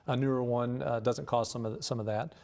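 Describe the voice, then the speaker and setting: Urologist guest, male, quick delivery with a gravelly edge, patient and explanatory. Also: medium pitch. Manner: calm explanatory, with frequent restarts. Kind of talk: explaining medical topic in a talk show interview.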